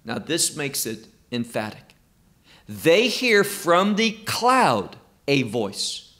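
Male Bible teacher, slightly high voice, unhurried and emphatic, explaining scripture. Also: sing-song, fairly bright tone. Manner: slow, emphatic, quoting scripture verse by verse.

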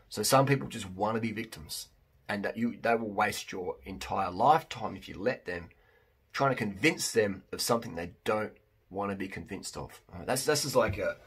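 A man's voice: on the low side, a bit bright, husky. A man talking casually to camera as a fitness vlogger and coach, emphatic and blunt, with many restarts.

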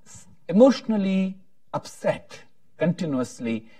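A man's voice: high voice, big pitch swings, a little slow, dark tone, dry recording, distant mic. A man moderating a panel discussion, talking in a rambling, hesitant way with frequent restarts.

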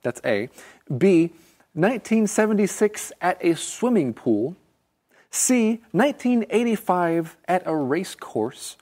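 Male lesson co-host, playful, clear quiz-reading delivery. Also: high voice, very animated, takes it slowly, darkish tone. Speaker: co-host of an English lesson show. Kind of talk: scripted English lesson and quiz hosting.

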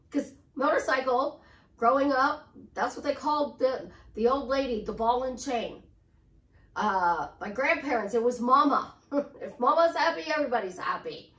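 In this casual motivational clip, a middle-aged woman who works as a life coach talks brightly to camera at a moderate pace, her voice sitting high. She repeats affirmations with chatty asides, recorded from a distance in a roomy space.

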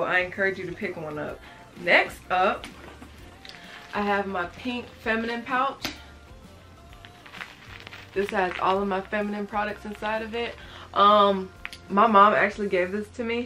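A woman's voice: medium pitch, sharp tone. A young woman showing what's in her bag to her viewers, chatty and casual, calling them y'all. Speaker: beauty vlogger. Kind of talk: casual show-and-tell vlog.

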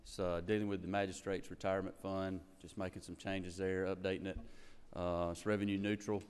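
A man with a very deep, flat voice presents a bill briefly and loudly. His tone is smooth and resonant. The chamber gives it a long echo. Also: fairly quick. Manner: brief, loud and steady. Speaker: state legislator presenting a bill. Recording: echoey hearing room.

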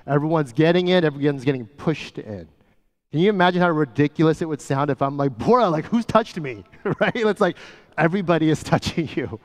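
Man, pastor, casual sermon, hushed drops, long church reverb. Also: on the high side. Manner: conversational, often drops to a soft hush. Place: church sanctuary.

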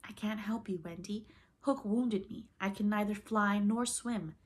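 A woman's voice: medium pitch, measured pace, lightly acted. A woman reading a storybook, voicing a brave, wounded young boy hero with earnest, pleading lines.

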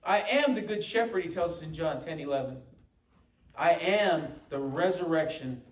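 A man's voice: a little high, animated, moderate pace. A man preaching a sermon as pastor, emphatic and quoting scripture. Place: church sanctuary. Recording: echoey church room from far off.

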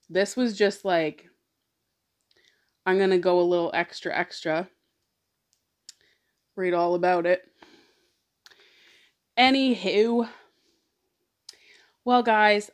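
Lady doing a chill mukbang chat, slow and thoughtful, kinda motivational. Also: fairly low pitch. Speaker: mukbang vlogger. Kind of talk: casual chat while eating.

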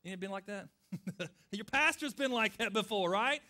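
A man's voice: sits high, expressive, measured pace, bright, forceful tone. A middle-aged male pastor giving a sermon that answers questions from listeners, talking earnestly and conversationally and asking the congregation direct questions.

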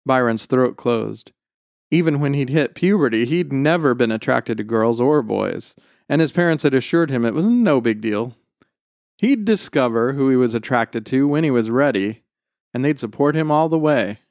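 A man narrating a short story in a measured, expressive storytelling delivery. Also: mid-range voice, no echo, studio quality. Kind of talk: scripted narration.

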